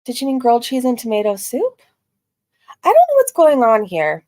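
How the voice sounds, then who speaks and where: A woman's voice: on the high side, wildly swooping pitch, moderate pace, darkish tone. A woman hosting a reaction video, making sarcastic, mocking remarks and reading out chat comments.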